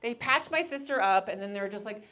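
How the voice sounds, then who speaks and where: A woman in her thirties performing a stand-up comedy set, telling a story with lively acted-out voices. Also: mid-range voice, fast talker. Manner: animated storytelling, acts out characters.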